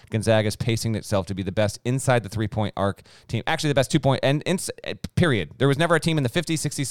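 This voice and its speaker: A young adult man with a clean, mid-range voice is recorded at studio quality with no room sound. Co-hosting a podcast, he chats casually about college basketball betting picks, rattling off stats and restarting sentences.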